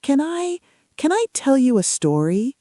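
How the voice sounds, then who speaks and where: A big, kindly giant from a bedtime storybook speaks in a soft, gentle way, as a woman narrator puts him on. His voice is mellow and slow-paced, with a lively rise and fall. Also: sits high, no room sound, studio quality, pitched above the performer's own voice. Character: gentle kind male giant, huge and calm.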